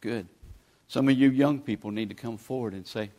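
A man's voice: medium pitch, normal speed, warm tone. A man, preaching a sermon in a folksy, pleading, conversational way as a guest preacher. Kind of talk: sermon with altar call.

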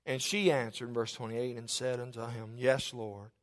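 A man's voice: medium pitch, fairly quick. A middle-aged man preaching a sermon, who jokes about himself and acts out the voices of the people he quotes.

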